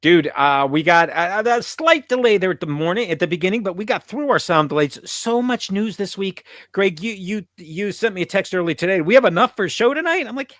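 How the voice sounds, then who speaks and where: Animated, enthusiastic man hosting a chat show. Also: sits high, dry recording, clean studio sound. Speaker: host. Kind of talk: casual podcast chat.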